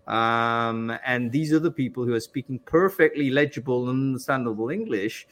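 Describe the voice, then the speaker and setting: A man hosting a live podcast, chatty and animated, asking guests about their experiences. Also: medium pitch, normal speed. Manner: chatty, lots of fillers and restarts, animated. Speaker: podcast host.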